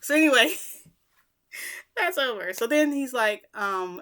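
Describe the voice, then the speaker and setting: A woman's voice: high voice, animated, slow pace, bright, forceful tone. A young woman telling a personal story in a rambling, chatty vlog with lots of fillers. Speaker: vlogger.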